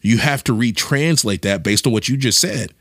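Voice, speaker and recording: A man co-hosting a talk podcast in an animated, casual style. He thinks aloud, circling back and restarting his sentences as he goes. His voice is mid-pitched and recorded close and dry. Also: normal speed, no echo. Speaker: podcast co-host. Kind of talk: casual discussion.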